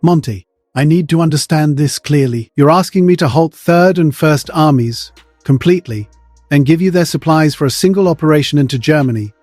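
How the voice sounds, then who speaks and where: A man voicing a calm, steely middle-aged American general who speaks quietly and firmly. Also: fairly high pitch, no echo, soft background music, natural voice. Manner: quiet, measured, firm.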